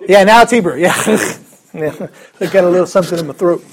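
A man's voice: high-pitched, brisk. A man teaching a Bible class in a casual, joking way, chuckling often and restarting his sentences.

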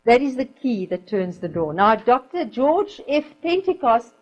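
A woman preaching with a high voice. Her delivery is animated, and her pitch swings widely as she tells a sermon story. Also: unhurried, dull audio. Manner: lively storyteller, soft whispers for quoted child, occasional laughs.

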